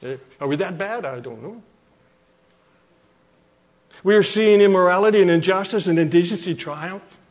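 High-voiced preacher delivering a sermon. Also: male voice. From Canada. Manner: earnest, repeats phrases for emphasis, quotes scripture slowly.

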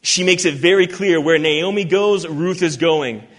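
A man preaching an expository sermon, earnest and emphatic, reading scripture slowly. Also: a little high. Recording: long hall reverb.

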